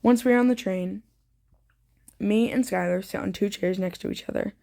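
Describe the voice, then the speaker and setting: A woman's voice: mid-range voice, moderate pace, gravelly, mellow. A woman reading her own fan fiction aloud in the first person, with frequent slips and restarts.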